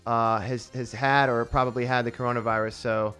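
A man hosting a podcast interview in a relaxed, rambling, self-deprecating way. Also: medium pitch, brisk, soft background music. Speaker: podcast host. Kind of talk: casual interview.

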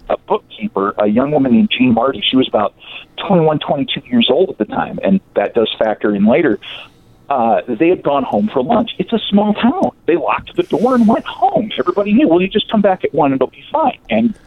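A man casually telling a local history story, acting out the people in it with lively quoted voices. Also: fairly high pitch, no echo. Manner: animated, acts out quoted voices. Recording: tinny phone-like sound.

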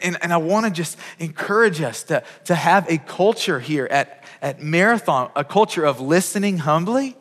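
A man's voice: on the high side, fairly bright tone. Earnest man preaching in a reverberant hall. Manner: earnest, repeats words as he speaks. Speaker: pastor. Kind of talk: sermon. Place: church hall.

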